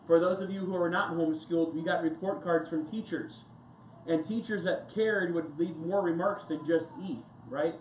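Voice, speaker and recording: A man's voice: a little high, fairly even intonation, normal speed, a little hiss or hum. A male pastor giving a casual, rambling sermon full of anecdotes and asides. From United States. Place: church sanctuary. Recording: echoey church room with faint ambience.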